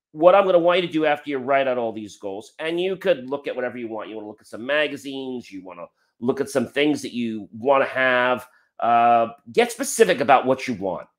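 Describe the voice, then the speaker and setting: A man speaking as a motivational speaker on a livestream, urging viewers directly and plainly. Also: medium pitch.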